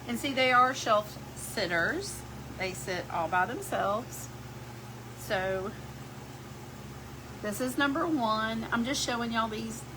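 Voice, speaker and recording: In her home craft workshop, a middle-aged woman chats with live-stream viewers while showing her crafts, calling them "y'all." Her fairly high voice is expressive and slow, with frequent pauses, over a clear background hum.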